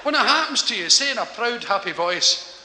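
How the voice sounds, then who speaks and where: Stand-up, high lively voice, giggly rambling storyteller, big reverberant hall. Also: male voice, brisk. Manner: rambling, giggly, acts out characters. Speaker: stand-up comedian. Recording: echoey hall with background noise.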